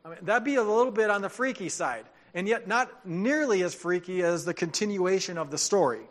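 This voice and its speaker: A man's voice: sits high, animated, brisk. A male pastor giving a sermon, reading scripture dramatically and then talking it through in a plain, conversational way.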